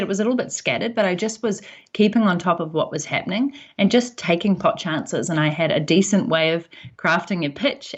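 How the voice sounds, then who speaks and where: As a guest on a casual podcast interview, a woman with a New Zealand accent tells stories chattily, dropping in lots of ums. Her voice is on the low side, and the recording sounds muffled.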